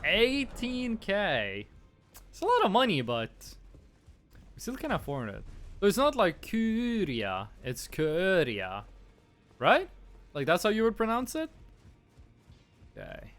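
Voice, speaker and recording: A man's voice: sits high, huge pitch swings, unhurried, pauses often, a bit bright, soft background music. A man from Estonia, streaming a game and playfully musing aloud over how words are pronounced. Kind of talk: casual live-stream gaming commentary.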